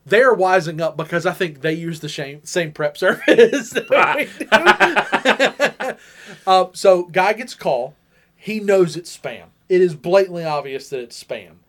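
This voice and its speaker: Male co-host, high voice, animated storyteller who jumps into quoted voices. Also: measured pace. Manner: animated, acts out quoted voices, laughs often. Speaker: podcast co-host. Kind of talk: casual storytelling chat.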